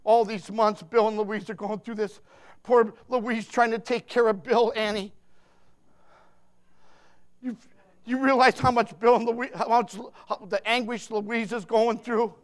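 High-voiced pastor swinging from shouts to hush. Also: male voice, flat delivery, measured pace. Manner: swings from loud shouting to soft hushed tones, repetitive, emphatic. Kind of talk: sermon. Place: church.

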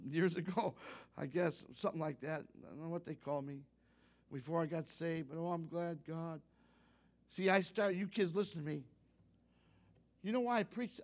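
An older man preaching a sermon to young people, folksy and direct, rising to loud fervent exclamations. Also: on the high side. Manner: folksy, addresses youth directly. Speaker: pastor.

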